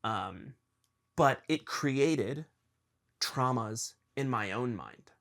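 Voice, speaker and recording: A young man hosting a podcast, talking earnestly and confessionally with his father, halting with ums and restarts. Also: medium pitch, animated, gravelly, a bit bright. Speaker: podcast host. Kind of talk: emotional conversation with his father.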